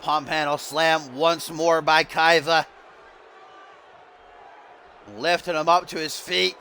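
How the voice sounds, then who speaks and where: A man giving excited, shouty play-by-play commentary on a wrestling video game, swearing and getting out of breath. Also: on the high side, unhurried, a little hiss or hum. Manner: shouty, swearing, animated, mock wrestling-announcer delivery.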